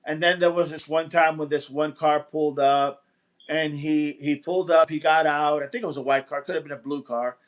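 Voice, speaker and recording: This livestream host's voice is fairly high, with a steady tone and normal speed. He chats casually, rambling and repeating himself while reading the chat and greeting viewers from it.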